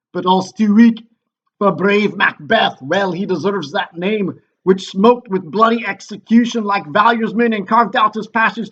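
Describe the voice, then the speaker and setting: A man's voice: high voice, dull audio, voice pushed up. A man doing a bleeding Scottish captain. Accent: Scottish, put on. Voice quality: loud and strained, declaiming. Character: wounded bleeding male Scottish army captain.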